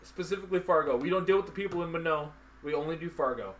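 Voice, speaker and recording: A man's voice: fairly high pitch, quick pace. A man hosting a casual live-stream interview, talking in a loose, rambling way with lots of fillers. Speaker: host.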